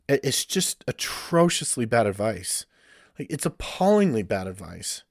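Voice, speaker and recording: A man's voice: medium pitch, big pitch swings, normal speed, no room sound, studio quality. A male counselor giving a blunt, ranting podcast monologue and swearing freely.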